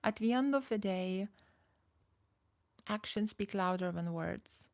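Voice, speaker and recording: A woman's voice: medium pitch, takes it slowly, darkish tone, no echo. A woman in her forties, a dating coach, talking casually to her viewers and reading their chat messages, with lots of "like" and restarts. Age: 40s. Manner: chatty, full of "like" and restarts, reads chat aloud.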